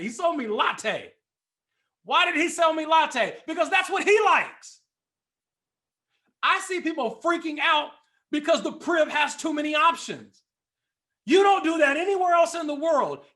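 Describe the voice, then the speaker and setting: High bright animated male motivational speaker. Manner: animated, swings from calm talk to sudden shouting; acts out anxious inner voices with high panicked shouts. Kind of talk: motivational sales training talk.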